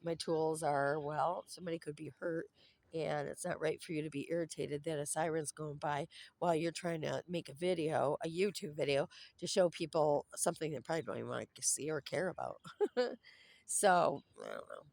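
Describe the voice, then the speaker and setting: A woman's voice: deep voice, normal speed, vocal fry, darkish tone, dry recording. A woman vlogging outdoors by a duck pond, venting in a cranky, irritable, rambling way while filming on her phone. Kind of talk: casual rambling monologue to camera.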